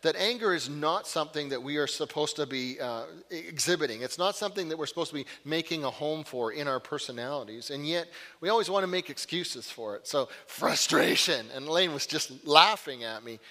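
Animated middle-aged male pastor, bright voice. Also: on the high side, brisk. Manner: animated storytelling, swinging from loud to hushed. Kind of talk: sermon. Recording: long reverb of a large hall.

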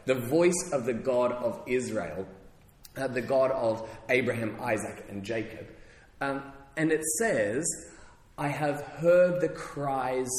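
Conversational preacher in a reverberant hall. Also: male voice, mid-range voice. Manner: conversational, hesitant with many fillers and restarts. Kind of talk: sermon. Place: church hall.

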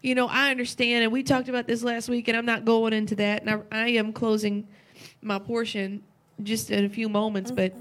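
A woman's voice: a little high, flat delivery, fairly quick, fairly bright tone. A woman preaching a sermon with passion, repeating phrases and asking rhetorical questions, at times tearful.

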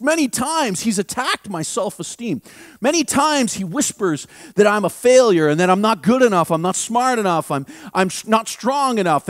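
A man preaching a sermon as a pastor, repeating phrases and building to impassioned shouts. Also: sits high, dry recording, studio quality.

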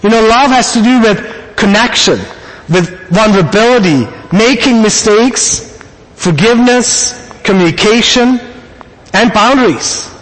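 A man preaching a sermon, telling a family story with animated quoted asides. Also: sits high, unhurried, in a large hall, rough recording. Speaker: pastor.

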